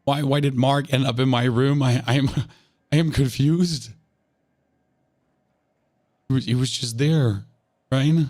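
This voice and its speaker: A man with a hoarse, sick voice doing live gameplay commentary as a streamer, rambling, joking and chatting to viewers with stammered restarts. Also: mid-range voice, steady tone, takes it slowly, pauses often, a little mellow, no room sound, clean studio sound. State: hoarse from illness.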